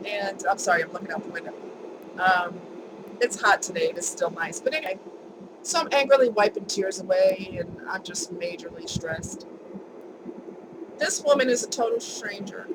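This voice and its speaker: A woman's voice: mid-range voice, normal speed, heavy background noise. A woman vlogger telling a personal story in a chatty, emphatic way, repeating words for stress.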